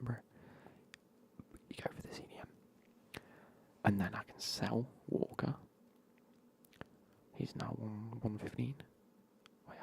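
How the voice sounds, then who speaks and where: A man's voice: lowish voice, gravelly, darkish tone. A man whispering through an ASMR gaming stream, rambling and swearing as he chats.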